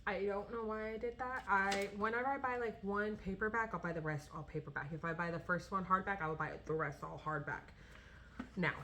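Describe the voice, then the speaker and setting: A woman in her thirties talks casually with a low-pitched voice. She rambles, stops and restarts, and fills her pauses with um and like. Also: pushed and bright. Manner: rambling, with many fillers and restarts. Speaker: vlogger talking about books. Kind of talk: casual chat.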